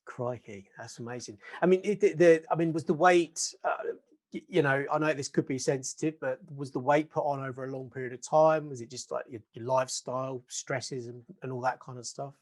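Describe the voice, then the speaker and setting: A man's voice: medium pitch, brisk. A man hosting a podcast over a video call, asking long, hesitant, rambling questions full of restarts. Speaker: podcast host and interviewer.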